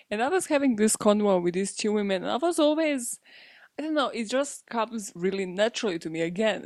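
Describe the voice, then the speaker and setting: Tipsy, chatty young woman with vocal fry. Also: mid-range voice, a little mellow, no echo, clean studio sound. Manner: chatty, rambling, swears freely, laughs often. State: a bit tipsy. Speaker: podcast host. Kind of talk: casual chat.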